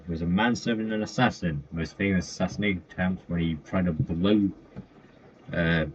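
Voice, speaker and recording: Low-voiced rambling man, lo-fi recording. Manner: rambling, with frequent fillers and self-corrections. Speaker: commentator. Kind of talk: casual list-style commentary. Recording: dull lo-fi mic with faint noise.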